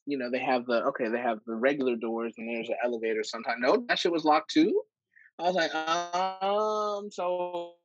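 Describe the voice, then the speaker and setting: A man's voice: mid-range voice, fairly bright tone, no echo. Chill guy rambling on a podcast, dry muffled mic, kinda dry humor. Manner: laid-back, rambling, dry jokes. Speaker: podcast co-host. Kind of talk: casual chat.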